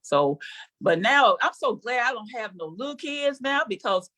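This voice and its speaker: A woman's voice: on the high side, lively intonation, moderate pace, a bit bright. Brassy older woman doing stand-up. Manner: brassy, sassy and conversational, teasing the crowd. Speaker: stand-up comedian. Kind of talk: stand-up comedy set. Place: comedy stage before a live audience.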